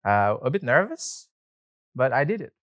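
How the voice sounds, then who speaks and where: A man's voice: mid-range voice, big pitch swings, normal speed, fairly bright tone, dry recording, clean studio sound. A man who works as a personal trainer and new wedding celebrant, speaking hesitantly on a podcast in simple non-native phrasing with many ums. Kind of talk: casual podcast chat.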